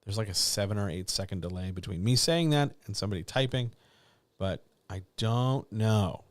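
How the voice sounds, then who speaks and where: Middle-aged man, low voice, dry close sound, candid rambling livestream talk. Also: normal speed, dry recording. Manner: candid, rambling, self-deprecating. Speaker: writing coach and editor hosting a live chat. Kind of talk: casual livestream chat.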